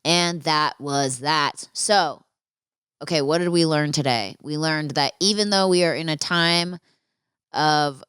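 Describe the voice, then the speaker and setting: Low-voiced woman telling a profane dating story. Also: measured pace, clear, resonant tone, no room sound, clean studio sound. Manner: profane, chatty, animated storytelling with friendly asides. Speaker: podcast host. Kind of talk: casual storytelling podcast.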